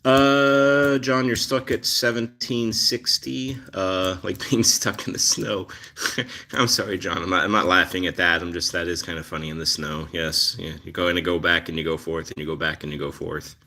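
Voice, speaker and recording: A man's voice: deep voice, fairly even intonation, moderate pace, pushed and bright. A man hosting a casual live stream about his rescue cats, rambling with lots of fillers as he answers viewer comments. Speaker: cat channel host.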